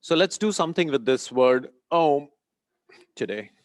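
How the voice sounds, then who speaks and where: A man leading a group in a meditation and chanting lesson, speaking calmly, giving steps and checking in often with "okay?". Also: on the high side, unhurried, no echo. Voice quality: sweating, a little warm. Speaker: meditation teacher. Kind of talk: guided breathing and chanting lesson.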